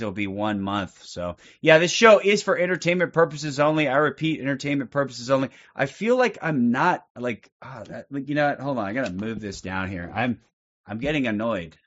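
A man's voice: medium pitch, a bit bright, lo-fi sound. A man hosting a casual livestream from his couch at home, rambling and swearing, with lots of fillers and restarts. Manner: rambling, profane, many fillers. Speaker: livestream host.

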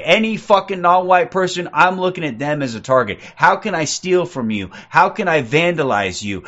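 A man in his forties rants on a livestream in a fairly high voice. He is profane and combative and keeps punctuating his points with "okay?". The sound is muffled and lo-fi. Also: fairly bright tone. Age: 40s. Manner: profane, aggressive, repeats "okay?" constantly. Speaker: livestream host. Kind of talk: ranting livestream commentary.

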